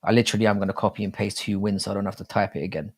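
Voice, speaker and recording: A man's voice: on the low side, flat delivery, very fast. A young man hosting a casual live stream, rambling and swearing freely with many restarts.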